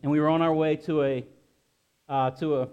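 A middle-aged man preaching a sermon, sharing a personal testimony in an earnest way, often halting and repeating himself. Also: on the high side, fairly even intonation, clear, resonant tone, phone-quality sound. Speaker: pastor.

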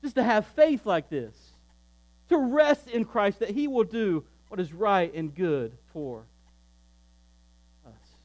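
A man preaches a sermon in a slightly high voice. He is emphatic, rising to loud preaching and then dropping low and quiet. A faint mains hum runs underneath. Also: very animated, slow pace, pauses often, low-quality recording. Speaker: pastor.

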